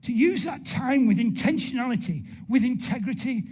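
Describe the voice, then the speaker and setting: British man addressing a graduation ceremony, very high voice that swings widely, playful and animated. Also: slightly rough. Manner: animated, playful, measured oratory. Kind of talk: ceremonial speech with jokes. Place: large ceremony hall with audience.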